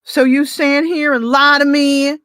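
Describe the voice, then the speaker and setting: A woman's voice: high voice, level tone, measured pace, fairly bright tone, dry recording, pitched above the performer's own voice. A woman reading the lines of a dramatic young romance heroine, hamming them up in a raised, overwrought voice. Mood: angry.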